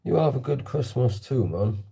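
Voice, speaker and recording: A man's voice: mid-range voice, lively intonation, moderate pace, vocal fry, warm tone, breathy edge. A man vlogging casually while shooting targets with a slingshot, chatting and answering viewer comments. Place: indoor hallway.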